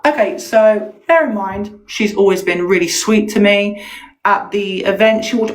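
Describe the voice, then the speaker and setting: Animated woman livestreamer. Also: mid-range voice, normal speed, low-quality recording. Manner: animated storytelling, acts out quoted voices. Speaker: livestream host. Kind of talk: heated livestream chat.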